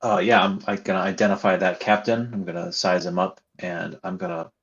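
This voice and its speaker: Guy playing a tabletop game, low deep voice, laid back. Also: little pitch movement, fairly quick, fairly bright tone, lo-fi sound. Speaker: player.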